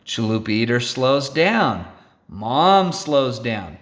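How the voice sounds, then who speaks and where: A man telling a road-rage story to an audience in an animated, theatrical way, often checking in with "right?" and "okay?". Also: mid-range voice, takes it slowly. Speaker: storyteller speaker.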